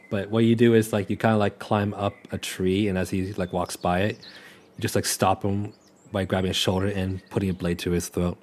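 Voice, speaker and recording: Casual young game master. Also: male voice, lowish voice, level tone, a little fast, a little mellow. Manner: casual, filler-heavy, laughs often. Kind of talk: narrating a tabletop game with friends.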